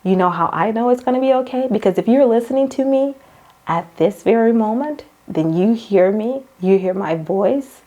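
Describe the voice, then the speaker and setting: A woman's voice: a little high, animated, normal speed, mellow, lo-fi sound. A woman host giving a motivational faith talk, speaking straight to the listener like a coach, repeating key phrases and calling her girl and hon.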